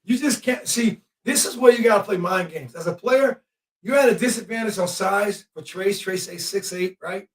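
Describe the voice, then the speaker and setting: A male host giving excitable live commentary while watching a game, often shouting at the refs and players. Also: high-pitched, moderate pace. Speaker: podcast host. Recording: echoey room, mic at a distance.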